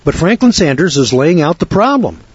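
A man preaching a sermon, sarcastic and fiery, dropping to low asides and rising to loud outbursts. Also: big pitch swings, fairly quick, slightly rough, dry recording. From United States. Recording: dry, dull lo-fi recording.

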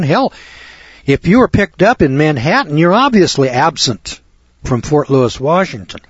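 A man's voice: a little high, sing-song, normal speed, breathy edge, no echo. A man lecturing to students in a folksy way, piling up rhetorical questions and repeating them for effect. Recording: dull lo-fi recording.

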